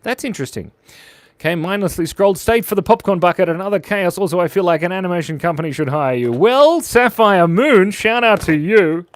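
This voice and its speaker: A man's voice: high-pitched, fairly quick, no room sound. A man hosting a casual livestream, chatting with viewers while he draws, joking and rambling with frequent laughs. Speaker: channel host and animator.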